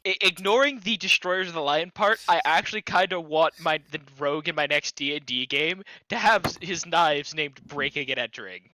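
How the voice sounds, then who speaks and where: A co-host in casual stream chat, eager and teasing, jumping in with excited suggestions. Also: medium pitch, normal speed, few pauses, dry recording, low-quality recording.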